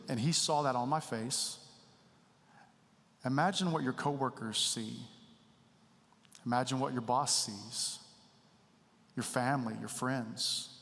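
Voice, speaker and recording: A man delivers a sermon in a relaxed, confessional way, weaving in stories from his own life. His voice sits in a middle register. The sound carries the long reverb of a church sanctuary. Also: medium pitch. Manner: candid, conversational storytelling. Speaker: preacher.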